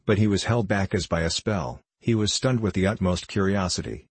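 A man narrating a story in steady, measured audiobook style. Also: low voice, slightly rough, no room sound. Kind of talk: scripted narration.

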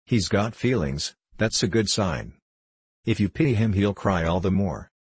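A man reading aloud, voicing a patient older traveling showman who speaks gently and slowly. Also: on the low side, expressive, slightly rough, no echo, exaggerated voice. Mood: gentle.

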